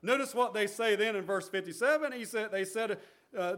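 A man's voice: sits high, moderate pace, fairly bright tone. A man preaching a sermon, reading scripture aloud and explaining it with earnest restarts. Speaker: pastor.

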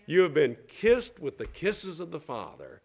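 Preaching man, loud then hushed. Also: a little high, wildly swooping pitch, unhurried, creaky, slightly rough. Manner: repeats words when building a point; swings from loud calls to soft tender lines. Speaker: pastor. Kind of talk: sermon.

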